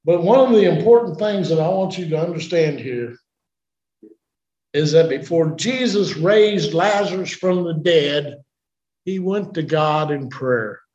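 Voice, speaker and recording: A man in his sixties preaching a sermon in a church, swinging from shouting to hushed, emotional delivery. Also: fairly high pitch, animated, measured pace, roomy sound, muffled recording, slight background noise. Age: 60s.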